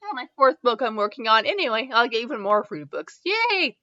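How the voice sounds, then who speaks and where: A woman with a Midwestern accent hosts a comedic fanfiction reading. Her voice is high, bright and bouncy, and she rambles and giggles between sentences. The recording is dull and lo-fi, with a dry sound. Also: sing-song, brisk. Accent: Midwestern American. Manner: giggly and rambling, with frequent laughter. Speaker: fanfiction reviewer and host.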